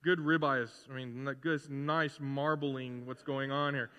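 A man's voice: fairly high pitch, measured pace, hardly any pauses, clean tone, in a large hall. A man preaching a sermon in a casual, conversational way, acting out the characters as he retells a story. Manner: animated, acts out characters, conversational asides. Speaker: pastor.

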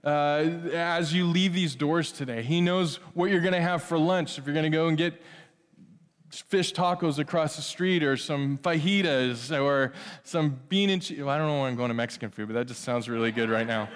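A man preaching a conversational sermon as pastor, swinging between loud emphasis and hushed, tender passages. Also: a little high, normal speed, clear, resonant tone. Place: church sanctuary. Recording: long hall reverb.

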